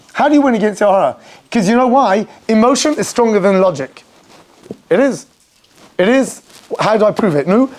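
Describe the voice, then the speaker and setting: A rabbi giving an informal Torah class to students. He speaks with animation, acts out quoted voices and keeps asking rhetorical questions. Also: sits high.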